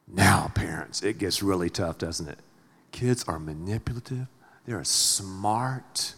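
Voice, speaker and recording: A middle-aged male pastor preaching a sermon in a theatrical, animated way, acting out everyday scenes. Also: low voice, takes it slowly, vocal fry, husky. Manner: animated, theatrical, acts out scenes with big swings in loudness. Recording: long reverb of a large hall.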